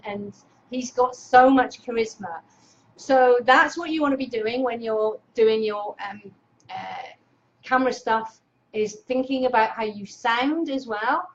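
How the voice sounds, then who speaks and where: A woman hosting a live online stream, coaching viewers on speaking, excitable and energetic, greeting viewers by name. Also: on the high side, highs cut off. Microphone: webcam clipped on monitor.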